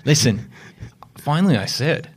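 A blunt older building manager with a put-on South African accent, as a man does the voice. He speaks in a low, muttered way. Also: lively intonation, normal speed, slightly rough.

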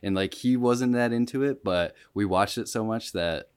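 A man's voice: fairly low pitch, moderate pace, darkish tone, clean tone, dry recording, clean studio sound. A man who is a parent co-hosting a podcast, chatting casually with enthusiasm. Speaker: podcast co-host. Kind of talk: casual chat.

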